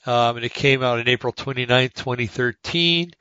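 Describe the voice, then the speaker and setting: A man's voice: mid-range voice, normal speed, bright, forceful tone, clear, resonant tone, no echo, lo-fi sound. A man hosting a podcast, talking in a rambling casual monologue full of fillers and restarts as he reads articles aloud. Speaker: podcast host.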